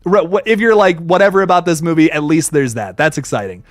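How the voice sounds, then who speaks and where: Animated young man hosting a livestream. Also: a little high, dry recording, studio quality. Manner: animated, swearing, quick asides and self-corrections. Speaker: livestream host. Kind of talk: casual livestream chat reading viewer comments.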